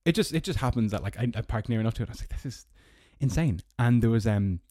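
A man's voice: lively intonation, fast talker, warm tone, dry recording, clean studio sound. Rambling young Irish man. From Ireland. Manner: rambling storyteller, sarcastic, mock-squeaky when mocking. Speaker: podcast host. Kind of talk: casual solo podcast monologue. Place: parked car.

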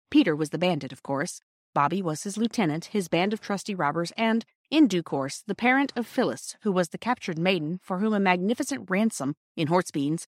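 A woman reading a classic children's storybook aloud in a gentle, measured way. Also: fairly low pitch, no echo, clean studio sound. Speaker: audiobook reader. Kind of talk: storybook narration.

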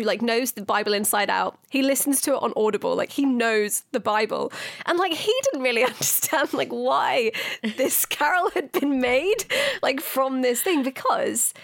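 Chatty, high-voiced woman. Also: creaky, a bit bright, no echo, studio quality. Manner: chatty, giggly, self-mocking. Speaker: podcast co-host. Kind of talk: casual chat.

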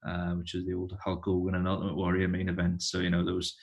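A man in his thirties with a lowish voice chats casually as a guest. He rambles and repeats himself, circling back through his stories. The delivery is relaxed and conversational. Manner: rambling, halting, many restarts. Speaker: touring musician, guest.

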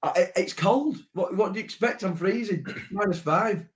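A man's voice: high voice, normal speed, slight background noise. A man co-hosting a football fan podcast, chatting enthusiastically and joking with the host. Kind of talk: casual fan podcast chat.

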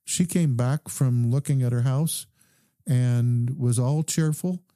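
A man, a doctor guest on a podcast, calmly telling a story and quoting the people in it. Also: medium pitch, clean tone, no room sound, studio quality. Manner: calm, measured recounting with quoted dialogue. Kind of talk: conversational storytelling.

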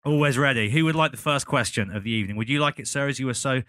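A man's voice: medium pitch, rapid-fire, pushed and bright, dry recording, studio quality. A man hosting a live audience Q&A, jokey and playfully formal with the crowd. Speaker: host and interviewer at a live Q&A. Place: live event before an audience.

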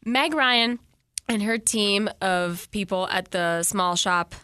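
A woman's voice: medium pitch, slow, pushed and bright, clear, resonant tone, dry recording, studio quality. A woman co-hosting a podcast, recapping a movie in casual, profane, joking chat. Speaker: podcast co-host.

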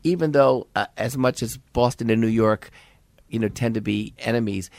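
A man's voice: mid-range voice, normal speed, gravelly, a little mellow, dry recording. An older man, a podcast co-host who teaches medical students, talking in a thoughtful, casual way with restarts and asides. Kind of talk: casual conversation.

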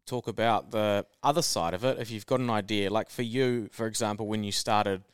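A man's voice: fairly low pitch, brisk, clean tone, no echo, studio quality. A man co-hosting a casual podcast chat, explaining his points steadily with worked examples. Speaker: podcast co-host.

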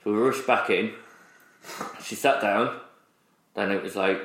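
Speaking a little slowly in a fairly low, slightly bright voice, a man co-hosting a podcast chats casually and rambles through a story, restarting and laughing along the way. The room is echoey.

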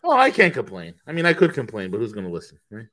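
A man co-hosting a podcast in casual chat, jokey, swinging between loud openings and low mumbled asides. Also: huge pitch swings, quick pace. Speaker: podcast co-host.

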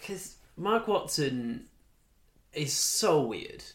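A man co-hosting a podcast, retelling stories in a rambling, animated casual chat. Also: a little high, very slow. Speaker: podcast co-host. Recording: echoey room.

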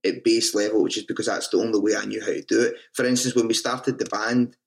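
A man's voice: lowish voice, fairly even intonation, fast talker, vocal fry. A Scottish man, a band frontman, telling stories in a casual interview, swearing freely and often restarting his sentences. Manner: swears freely, restarts a lot, self-mocking.

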